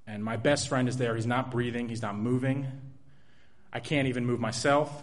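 A young man telling a true personal story in an earnest, halting way, with restarts and soft laughs. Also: mid-range voice, steady tone.

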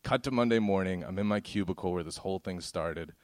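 A young man doing stand-up storytelling, animated and laughing through his punchlines. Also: low voice, fast talker, dry recording, studio quality. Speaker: stand-up comedian.

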